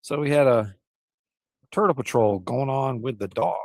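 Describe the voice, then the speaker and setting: Male streamer, mid-pitched, folksy and rambling, slightly out of breath, dry outdoor sound. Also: expressive, moderate pace, a little mellow, no room sound. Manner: rambling, folksy, addresses viewers as y'all. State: a little out of breath. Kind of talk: casual live-stream chat. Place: outdoors by a smoker.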